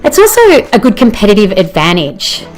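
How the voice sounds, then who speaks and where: A woman's voice: mid-range voice, wildly swooping pitch, a little fast, faint music behind. An Australian woman giving an enthusiastic, conversational presentation, often checking in with "you know" and "okay?". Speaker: presenter teaching bloggers. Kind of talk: presentation talk.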